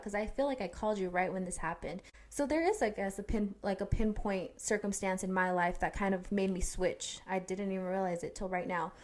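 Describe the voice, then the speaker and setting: A woman's voice: medium pitch, darkish tone. A young woman co-hosting a podcast, telling a personal story in a candid, casual way with fillers and restarts. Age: young adult. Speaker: podcast co-host. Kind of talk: casual chat.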